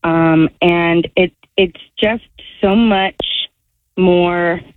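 A woman's voice: fairly low pitch, steady tone, very slow, no room sound. A woman calling in to a radio show, chatty but trailing off partway through her sentences. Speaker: caller. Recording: tinny phone line.

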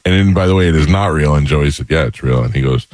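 This is a middle-aged man with a deep, low voice, hosting a talk show. He tells his stories in a casual, animated way and acts out the other people's voices. The sound is close and dry, with no room in it. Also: fast, no echo. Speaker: radio show host. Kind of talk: casual storytelling chat.

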